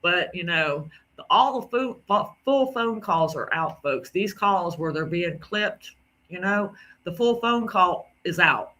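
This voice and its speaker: A man's voice: high-pitched, animated, a little slow, pushed and bright. A man talking casually to his viewers, rambling with restarts and self-corrections. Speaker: video creator. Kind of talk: casual direct-to-camera talk.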